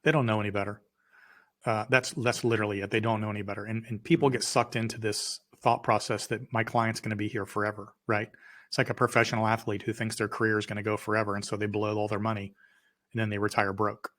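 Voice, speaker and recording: A man's voice: on the low side, little pitch movement, fast, a bit bright. A middle-aged man, a podcast guest and entrepreneur, telling his business story emphatically and repeating phrases for effect. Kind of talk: storytelling interview talk.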